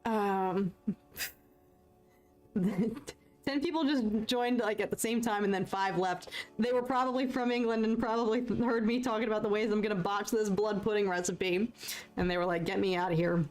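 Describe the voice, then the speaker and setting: Chatty, excitable American woman. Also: medium pitch, normal speed, soft background music. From United States. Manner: chatty, excitable, self-deprecating, reads chat aloud. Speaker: live-stream painter. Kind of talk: casual chat while painting live.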